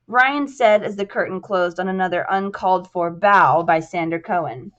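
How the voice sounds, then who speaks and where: A woman's voice: fairly low pitch, normal speed, hardly any pauses, a bit bright, highs cut off. A woman narrating a novel aloud, reading steadily and dropping in casual asides. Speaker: audiobook narrator. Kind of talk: audiobook narration.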